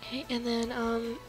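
Bubbly young-sounding woman gaming. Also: on the high side. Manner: bubbly and excitable, giggles, reads on-screen text aloud. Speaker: let's play gamer. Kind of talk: casual gameplay commentary. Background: faint game music.

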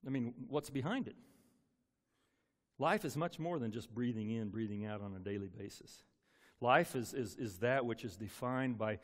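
Man, senior pastor, folksy conversational sermon, slightly high voice, long church reverb. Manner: conversational, folksy, repeats words and restarts. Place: church sanctuary.

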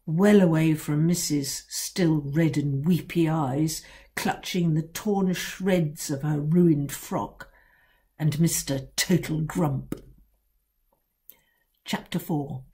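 Woman author reading aloud to children, wry and unhurried, low-ish warm tone. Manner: wry, sly first-person storytelling with dramatic pauses. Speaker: children's book author reading her own book.

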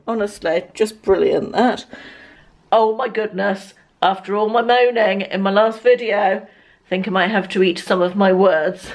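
A woman's voice: medium pitch, background noise. A woman, chatting casually at home as a lifestyle vlogger, rambling with lots of ums and asides. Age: 50s. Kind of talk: casual chat to camera. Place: home, indoors.

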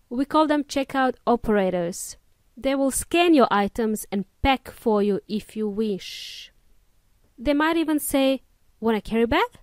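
A woman's voice: high-pitched, smooth, dry recording. A woman hosting a podcast English lesson, explaining words in an upbeat, chatty way with casual slang. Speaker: English teacher and podcast host.

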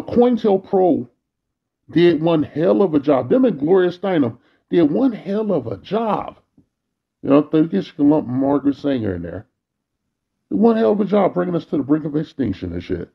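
Gravelly, weary man ranting bitterly. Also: mid-range voice, dull audio. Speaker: vlogger. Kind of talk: angry profane monologue.

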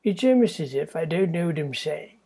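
A man's voice: fairly high pitch, fairly even intonation, normal speed, vocal fry, a little mellow, husky. A man hosting his own podcast, talking alone in a loose, rambling way with self-deprecating jokes and profane asides. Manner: drops into a mock English accent for jokes. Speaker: podcast host. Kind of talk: casual solo podcast monologue.

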